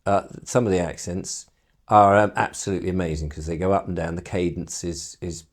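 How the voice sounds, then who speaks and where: A middle-aged British broadcaster chatting casually, telling an animated story, laughing often and acting out what people said. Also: male voice, sits low, a little fast. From Britain. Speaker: broadcaster being painted. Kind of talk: casual chat.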